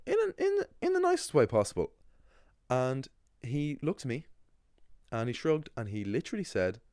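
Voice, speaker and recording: Talking casually to camera, this young language channel host from Ireland rambles through his monologue, restarting often and leaning on fillers. His mid-range voice swings hugely in pitch at a normal speed, and its darkish tone comes through clean. The studio-quality audio has no echo.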